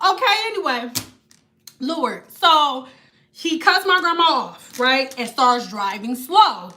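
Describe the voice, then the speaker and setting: A woman telling a story on a casual vlog, animated and profane, with laughing asides. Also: high voice, takes it slowly, a little hiss or hum. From Detroit. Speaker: vlogger.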